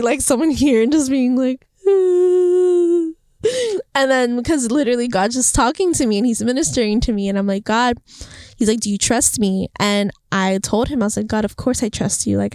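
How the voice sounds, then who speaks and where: A young woman hosting a casual faith podcast, talking in an excitable, chatty way with lots of fillers and laughter. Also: fairly high pitch, moderate pace, no room sound. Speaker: podcast host. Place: outdoors on a hill near the beach. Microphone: camera.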